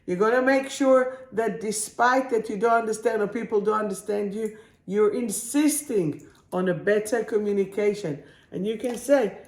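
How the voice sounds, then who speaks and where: A woman working as a spiritual coach, reading affirmation cards to viewers in a slow, soothing, affirming way during a live stream. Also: mid-range voice, a little mellow, echoey room.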